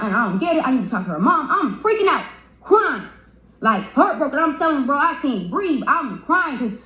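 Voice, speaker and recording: A woman's voice: a little high, fairly bright tone, highs cut off. A young woman telling a story on a livestream, stumbling and repeating words as she gets upset. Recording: roomy echo.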